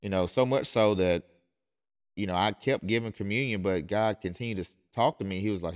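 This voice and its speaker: A man's voice: lowish voice, brisk. A man who is a pastor, hosting a podcast in an impassioned monologue, insistent and emphatic, often restarting his phrases.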